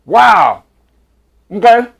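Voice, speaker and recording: A man's voice: high voice, very animated, drawn-out words, vocal fry, fairly bright tone, breathy edge. A man hosting a home cooking vlog, hyped and slangy, drawing out catchphrases while taste-testing in his kitchen. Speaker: cooking show host.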